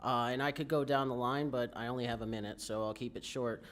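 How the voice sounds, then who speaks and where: A man's voice: mid-range voice, steady tone, a bit bright. Argumentative young man at a hearing. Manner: brisk, argumentative, rhetorical questions. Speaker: public commenter. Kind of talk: public comment at a county zoning hearing.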